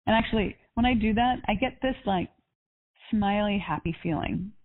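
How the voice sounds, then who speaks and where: A woman's voice: medium pitch, moderate pace. Woman, life coach, coaching call, chatty, upbeat, phone-line sound. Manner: chatty, upbeat, many "like" fillers.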